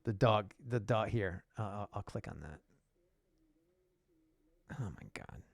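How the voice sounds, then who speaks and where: A man co-hosting a casual podcast, talking in an animated way, swearing freely and laughing often. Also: on the low side, unhurried, vocal fry, no echo. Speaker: podcast co-host.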